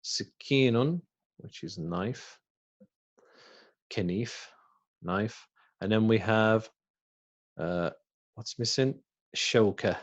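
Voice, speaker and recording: Low-voiced patient male Arabic teacher. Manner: slow and patient, repeats words and translates them. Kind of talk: recorded language lesson.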